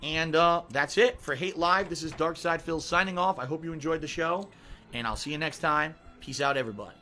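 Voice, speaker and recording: Soft music plays behind a man's pushed, bright, high-leaning voice as he speaks fairly quickly. Close to tears and earnest, he reads viewer messages and signs off from his home live-stream podcast, talking casually with curse words and fillers.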